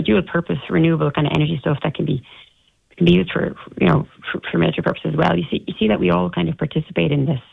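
An Irish woman, an interview guest, recounting an ordeal in a halting way with many restarts, heard over a tinny phone line. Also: low voice, vocal fry, slightly rough, no echo. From Ireland.

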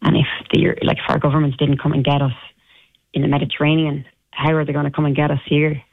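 An Irish woman, an interview guest, recounting an ordeal in a halting way with many restarts, heard over a tinny phone line. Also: sits low, level tone, no echo. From Ireland.

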